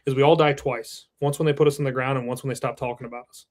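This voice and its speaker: A man's voice: mid-range voice, steady tone, fast. A man in his thirties, a company president, talking earnestly and reflectively in a casual interview, with the odd curse word. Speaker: roofing company president, podcast guest.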